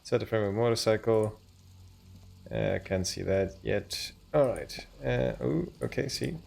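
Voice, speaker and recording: A man's voice: fairly low pitch, unhurried, creaky, darkish tone. A man with a cold chatting casually while playing a video game, thinking aloud as he goes. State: has a cold. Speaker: gaming channel host. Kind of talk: casual let's-play commentary.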